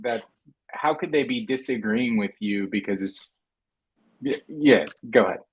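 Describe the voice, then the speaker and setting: A man's voice: on the low side, unhurried, husky, low-quality recording. A man hosting a casual toy livestream, asking curious questions.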